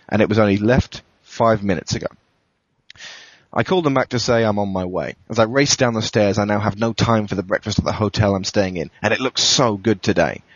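Guy reading a crime story, steady and matter-of-fact, lowish voice, dull dry recording. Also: no echo. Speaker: podcast host reading a story. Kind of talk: first-person thriller narration.

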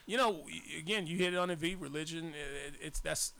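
A man from Arkansas talks candidly on a radio talk show. His voice sits a little high, with a gravelly edge and a bright, forceful tone. He tells his stories emphatically. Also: fast talker. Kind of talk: casual chat.

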